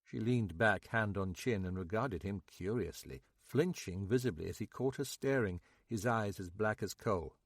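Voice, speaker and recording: A man narrating an audiobook in a measured, expressive reading. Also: fairly low pitch, no room sound, studio quality. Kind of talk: scripted narration.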